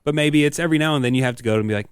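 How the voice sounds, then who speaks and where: A man's voice: a little high, racing, clear, resonant tone, dry recording, clean studio sound. A man co-hosting a podcast, chatting casually and backing up the others with short responses. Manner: supportive listener, short affirmations. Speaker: podcast co-host. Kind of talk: casual chat.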